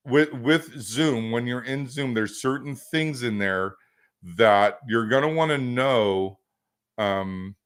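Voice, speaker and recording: A man's voice: medium pitch, clean tone. A man hosting a livestream as a business coach, teaching in a casual, rambling way with many fillers and joking asides.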